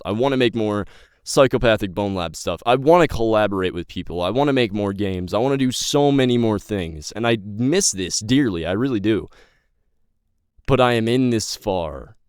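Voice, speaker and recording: Swearing and stumbling as he goes, a nineteen-year-old man who makes YouTube videos and writes novels rambles passionately through a personal update for his viewers. His smooth voice sits on the low side, captured in a dry, clean studio recording.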